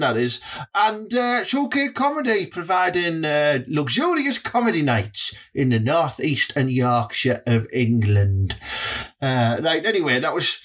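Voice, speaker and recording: A man's voice: mid-range voice, fairly bright tone. A man with a Teesside accent hosting a comic podcast, ranting in a rambling, sweary way with lots of fillers. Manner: rambling, sweary, lots of fillers and "you know what I mean". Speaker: podcast host.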